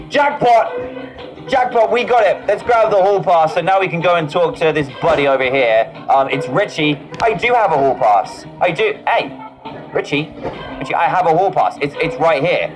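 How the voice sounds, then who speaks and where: A man talks through a point-and-click game in a fairly high voice with a lively, bouncing pitch. He reads out the game's text and cracks jokes at himself, while clear music plays steadily behind him. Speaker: gaming video host. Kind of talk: playing a game with commentary. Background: background music.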